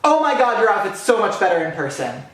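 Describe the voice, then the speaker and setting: A man voicing an excited young woman star who gushes quickly and effusively. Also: a little high, very echoey, natural voice. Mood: gushing.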